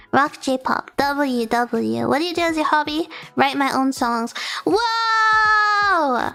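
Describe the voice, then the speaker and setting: A woman's voice: high-pitched, creaky, fairly bright tone. A young woman streaming as a VTuber, reading viewer submissions aloud in casual chat, bubbly and giggly, gushing with praise.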